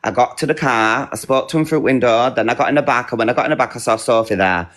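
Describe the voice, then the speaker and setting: A man's voice: medium pitch, quick pace, a bit bright. Blunt man telling a heated story. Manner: blunt, recounting quotes in a rush. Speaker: live stream host.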